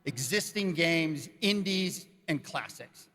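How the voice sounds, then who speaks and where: Excited man presenting on an echoey stage. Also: on the high side, slow pace. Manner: emotional, excited. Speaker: film director presenting a series.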